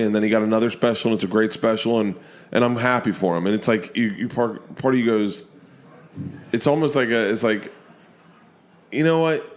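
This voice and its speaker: A man in his forties, a comedian guest telling stories on a podcast, animated and freely swearing as he acts out his family's lines. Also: on the low side. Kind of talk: casual podcast storytelling. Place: comedy club during a remote podcast.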